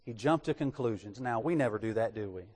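A man preaching a sermon in an animated way, putting rhetorical questions to his congregation. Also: lowish voice, quick pace, slightly rough, in a large hall.

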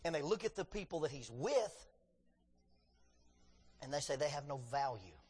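Husky-voiced preacher in a reverberant hall. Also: male voice, mid-range voice, sing-song, a little slow, a little mellow. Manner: conversational, joking asides, dramatic scripture reading. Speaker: pastor. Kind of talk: sermon.

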